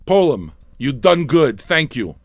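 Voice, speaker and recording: A man hosting a livestreamed record show, ranting with constant swearing, yelling and mocking impressions. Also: on the high side, very animated, measured pace, no room sound. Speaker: livestream radio DJ. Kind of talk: profane comic rant.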